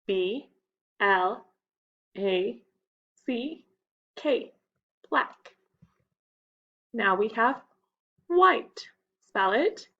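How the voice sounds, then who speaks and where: Female teacher for early readers, unhurried and patient, even pitch, muffled home recording. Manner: slow, patient, stretches out the key words. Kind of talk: phonics lesson for young children.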